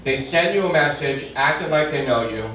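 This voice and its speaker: A man's voice: on the high side, expressive, moderate pace, slight background noise. A man doing a stand-up comedy set on stage, telling stories conversationally and punching up his lines. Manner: conversational storytelling, shouts punchlines. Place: comedy club stage before a live audience. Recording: echoey room recorded from a distance with crowd laughter. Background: audience laughing.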